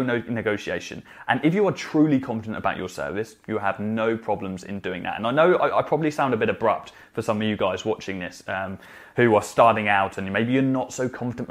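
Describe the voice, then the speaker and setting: A man giving direct, emphatic coaching advice in a vlog, often adding "okay?" to press a point. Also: lowish voice. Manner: emphatic, repeats "okay?" to drive points home. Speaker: social media marketing coach.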